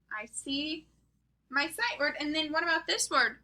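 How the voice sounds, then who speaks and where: Brief: young woman teacher, high and very bright voice, slow and clear sounding-out for early readers. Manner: slow, exaggerated sounding-out of letters and words. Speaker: kindergarten teacher. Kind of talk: recorded phonics lesson for young children.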